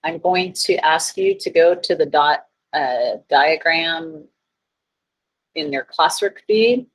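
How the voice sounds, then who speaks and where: A woman's voice: low voice, slow, husky, poor audio. A woman chemistry teacher giving a class lecture, chatty and self-deprecating, getting flustered by tech trouble.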